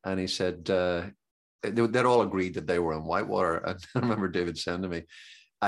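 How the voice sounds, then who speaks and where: A middle-aged man hosting a conversational interview as a business coach, rambling and halting with many fillers and restarts. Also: sits low. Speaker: podcast host and business coach.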